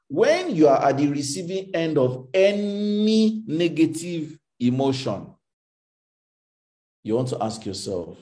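A man teaching and answering audience questions in a motivational session, emphatic and repetitive, with faith phrases, acting out quoted dialogue with big jumps in pitch. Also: sing-song, unhurried, dark tone.

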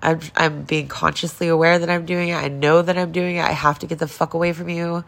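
A woman's voice: low voice, flat delivery, brisk, gravelly. A woman in her forties in a casual confessional vlog, upset and near tears, talking in a raw, rambling way with lots of swearing. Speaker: vlogger.

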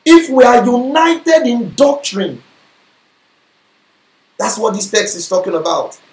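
A man's voice: extremely high pitch, sing-song, slow. Man preaching in an echoey hall. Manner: preaching with call-and-response questions to the congregation. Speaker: pastor. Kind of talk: sermon. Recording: echoey room.

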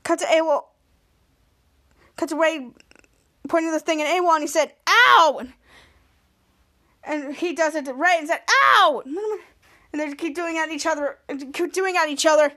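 A woman's voice: sits high, steady tone, moderate pace, long pauses. A woman hosting a podcast, retelling a TV episode scene by scene and acting out the characters' lines in a raised voice. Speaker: podcast host. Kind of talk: recapping a TV episode.

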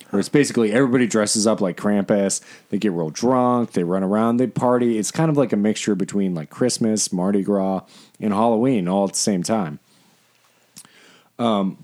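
A man with a very low, deep voice rambles through a casual podcast chat. He stumbles and restarts often and swears freely. His delivery is loose and unpolished. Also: darkish tone. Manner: rambling, with fillers and profanity. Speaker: podcast co-host.

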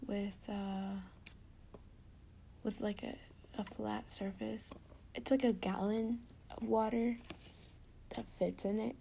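Soft, giggly woman with a low, gravelly rasp. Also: slight background noise. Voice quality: soft, often half-whispered. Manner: giggly and rambling. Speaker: podcast host talking to her partner. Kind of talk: intimate casual chat. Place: indoors at home.

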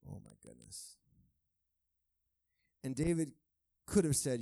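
A man preaching a sermon in a conversational, joking way, who swings from quiet asides to shouted, half-sung praise. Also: medium pitch, huge pitch swings, unhurried, vocal fry, pauses often, no room sound, studio quality. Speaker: pastor.

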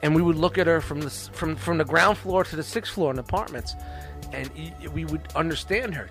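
A man's voice: a little high, fairly quick, fairly bright tone, faint music behind. Profane, rambling New man telling stories. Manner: profane, rambling storyteller with lots of restarts. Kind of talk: casual storytelling chat.

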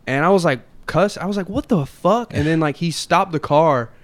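A man's voice: fairly high pitch, a little fast. A young adult man hosting a podcast in casual chat, loose and slangy, calling everyone dude and bro. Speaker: podcast host.

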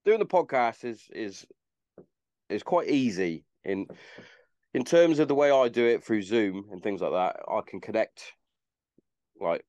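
A man's voice: fairly low pitch, lively intonation, a little slow, pauses often, darkish tone, no echo. A man hosting a podcast, chatting casually in a rambling way and swearing freely. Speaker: podcast host. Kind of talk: casual chat.

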